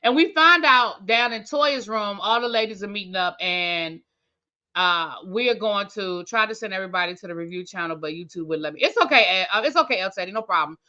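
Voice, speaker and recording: A woman hosts a TV review channel, recapping an episode in loose, chatty talk. She thinks aloud and speaks straight to her viewers, in a bright, forward voice. The sound is dull and lo-fi. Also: medium pitch, lively intonation, fairly quick. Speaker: TV review host. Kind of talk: casual recap chat.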